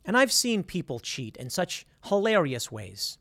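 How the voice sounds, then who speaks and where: Man, emphatic commentator, high lively voice, dry close sound, stammers and quotes people mid-rant. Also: a little slow, dry recording. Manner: emphatic, repeats words and acts out quotes. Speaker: political commentator. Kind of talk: animated monologue.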